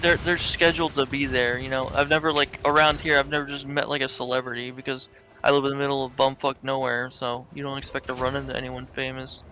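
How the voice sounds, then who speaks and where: A man's voice: medium pitch, flat delivery, fast talker, sharp tone. A man streaming a game, rambling and joking in casual chat, swearing freely. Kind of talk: casual chat while gaming. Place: home setup, live stream.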